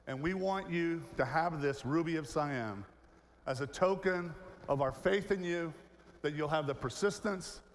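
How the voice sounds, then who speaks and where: A man's voice: on the high side, lightly acted. A man voicing a larger-than-life older businessman presenting an award, with a ceremonial manner. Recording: long hall reverb, faint noise.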